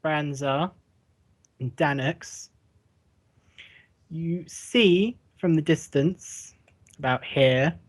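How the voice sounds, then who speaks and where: A man's voice: a little high, very slow, long pauses. A man running a tabletop role-playing game as game master, hesitant with many fillers.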